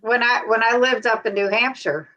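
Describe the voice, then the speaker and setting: A woman from the American Midwest hosting a casual live stream chat, talking in quick asides and laughing often. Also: fairly high pitch, fairly even intonation, dull audio, a crowd in the background. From Cincinnati, USA.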